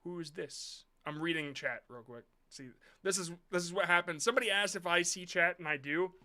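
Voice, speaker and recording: Brief: male streamer, slightly high and bright tone, blunt and rambling, casual commentary. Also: normal speed. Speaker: host reviewing viewer shorts.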